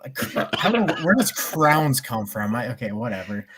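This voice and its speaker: Male podcast host, casual chat, mid-pitched voice, rambling, laughs a lot. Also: very animated, moderate pace, background noise. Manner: rambling, laughs often, stumbles over words. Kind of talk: casual sports betting chat.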